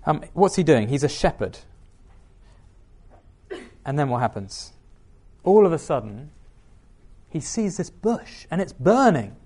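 A man's voice: a little high, big pitch swings, a little slow, long pauses, mellow, slightly rough. A man preaching a sermon, reading scripture aloud and asking the listeners questions.

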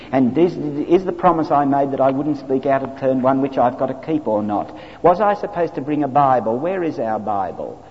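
Wry anecdotal clergyman in an echoing hall. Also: medium pitch. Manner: wry, anecdotal, animated storytelling. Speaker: clergyman teaching evangelism training. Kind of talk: lecture-style talk to a group. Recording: dull lo-fi recording in a reverberant hall.

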